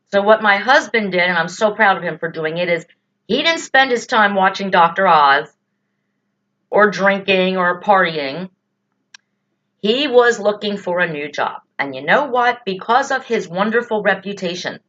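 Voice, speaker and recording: A woman's voice: mid-range voice, fairly bright tone, dull audio. A woman giving indignant political commentary in a blunt, exasperated way, full of rhetorical questions and swearing. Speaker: political vlogger.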